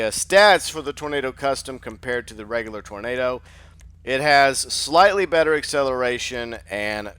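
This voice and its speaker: Male host, low-pitched and smooth, drowsy, rambling game walkthrough. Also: fairly bright tone. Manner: rambling, filler-heavy, thinks aloud. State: sleepy, just woke up. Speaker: gaming channel host. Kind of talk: casual gameplay commentary.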